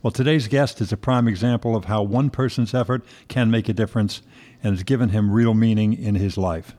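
A man's voice: lowish voice, fairly even intonation, fairly quick, dark tone. A man co-hosting a podcast, chatting casually and joking easily. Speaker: podcast co-host.

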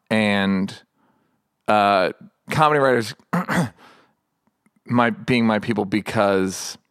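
A middle-aged man, a comedian talking candidly in an interview, rambling and halting with self-deprecating asides. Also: lowish voice, fairly bright tone, smooth, dry recording, clean studio sound.

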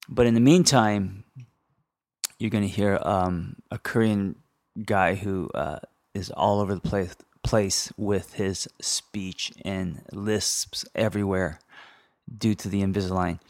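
A man's voice: deep voice, fairly even intonation, slow, darkish tone. Lisping man in his forties. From Los Angeles. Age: 40s. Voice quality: slight lisp from braces. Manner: rambling, full of ums and tangents. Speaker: therapist and podcast host. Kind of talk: unscripted casual monologue.

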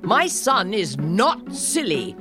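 A proud, showy father dragon from a read-aloud storybook, swinging his voice up and down as he boasts, performed by a woman narrator. His delivery is slow and deliberate, with music playing behind. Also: mid-range voice, huge pitch swings, voice pushed up. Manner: boastful, then panicky.

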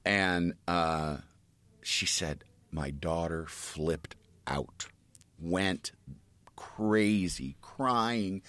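A man's voice: sits low, drawn-out words, fairly bright tone, dry recording. A middle-aged man in casual chat, telling family stories in a rambling way with many restarts.

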